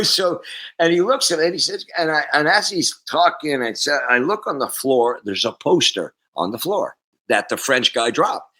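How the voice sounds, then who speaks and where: A man in his sixties from Canada, a musician guest telling stories in a casual interview, animated and acting out the voices. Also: a little high, moderate pace, low-quality recording.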